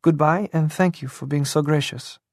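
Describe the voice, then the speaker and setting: A man's voice: fairly high pitch, normal speed, dry recording, studio quality, voice pushed up, close to an everyday voice. A man voicing a shy, eager young woman who speaks in a breathless, apologetic way.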